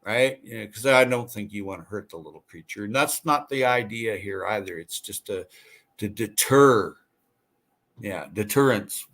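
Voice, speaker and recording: A man's voice: lowish voice, lively intonation, moderate pace, a bit bright. A man hosting a casual livestream, chatting with viewers in a rambling, friendly way with many fillers and restarts. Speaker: livestream host. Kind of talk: casual livestream chat reading viewer comments.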